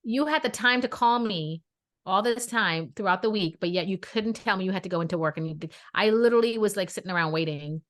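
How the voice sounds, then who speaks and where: A woman, co-hosting a podcast and telling dating stories in a lively, chatty way, acting out quotes. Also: mid-range voice, fairly quick. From New York area. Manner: animated storyteller, acts out quotes. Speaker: podcast co-host. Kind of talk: casual chat.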